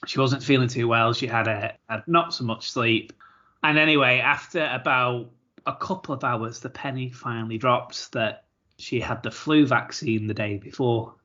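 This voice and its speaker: A man chats loosely on a podcast. His talk rambles, with restarts and quick laughs. The audio sounds a little dull and lo-fi, and his voice sits in a middle pitch. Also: sharp tone. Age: 30s. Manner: chatty, rambling, laughs easily, repeats words. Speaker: podcast co-host. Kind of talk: casual chat.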